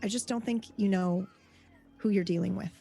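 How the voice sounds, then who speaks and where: A woman's voice: mid-range voice, fairly even intonation, normal speed, gravelly, dark tone, husky, soft background music. A woman voicing a blunt, cautious adventurer who speaks plainly and practically. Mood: wary.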